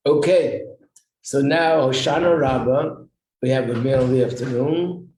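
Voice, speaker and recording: A man's voice: mid-range voice, unhurried, darkish tone. A man teaching an informal religious class, explaining customs and asking the class questions. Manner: explanatory, asks the class questions, clears throat often. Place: echoey room with a small class. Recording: roomy echo, faint noise.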